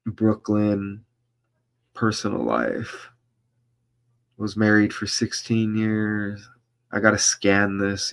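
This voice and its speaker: A man's voice: fairly low pitch, vocal fry. A man vlogger reading a news article aloud and breaking off into commentary, stumbling over names and asking rhetorical questions.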